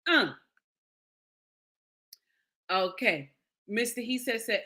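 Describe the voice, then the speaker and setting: A woman hosts a reaction video, reading viewer comments aloud at an unhurried, drawling pace. She repeats lines for emphasis and hums in agreement. Her tone is bright and clear. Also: medium pitch, expressive.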